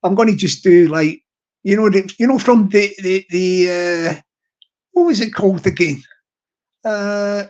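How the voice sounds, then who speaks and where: A man's voice: sits high, measured pace. A man from Glasgow with a Glaswegian accent, chatting casually on a live stream. He rambles, jokes and repeats himself as he goes. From Glasgow, Scotland. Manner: rambling, jokey, repeats himself, laughs often.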